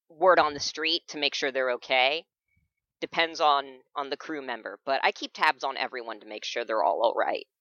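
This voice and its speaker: Woman player, calm casual chat, crisp bright voice, dry muffled mic. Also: low-pitched, dry recording. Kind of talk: casual tabletop role-play chat.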